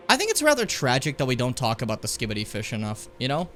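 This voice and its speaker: A man streaming a game, chatting casually and ranting with lots of swearing, loud one moment and muttering the next. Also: medium pitch, quick pace, hardly any pauses, faint music behind. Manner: animated, swearing, ranting loudly then muttering. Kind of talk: casual gaming stream chat and rant.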